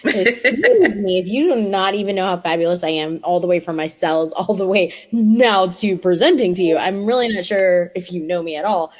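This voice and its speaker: A woman telling a story in casual podcast chat, animated and expressive. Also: fairly low pitch, a little fast, few pauses. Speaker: podcast panelist.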